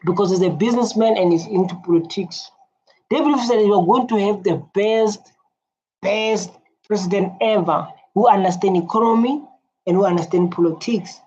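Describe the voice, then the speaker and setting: A woman hosting a reaction video, talking in animated, repetitive casual commentary with a husky voice. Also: mid-range voice, moderate pace, dull audio, a little hiss or hum. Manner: animated, repeats phrases, many fillers and restarts.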